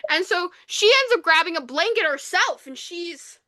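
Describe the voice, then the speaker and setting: Bright high-voiced young woman, chatty. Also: normal speed, no room sound. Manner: animated retelling with frequent fillers. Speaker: podcast co-host. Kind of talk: casual book review chat.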